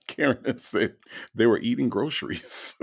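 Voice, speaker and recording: Gravelly-voiced man, livestream host, animated and slangy, lively swings in pitch. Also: unhurried. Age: 40s. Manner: animated, loud bursts, laughing, slangy. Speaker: livestream host reading chat. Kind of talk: casual livestream commentary.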